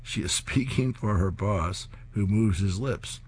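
A man with a lowish, slightly mellow voice and a breathy edge speaks a little slowly. He hosts a reading-service program, narrating comic strips aloud and chuckling at the jokes.

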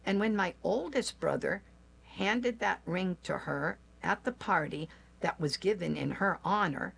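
A woman, likely older, telling a personal family story aloud in a slow, gentle, measured way. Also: fairly low pitch, animated, gravelly, breathy edge.

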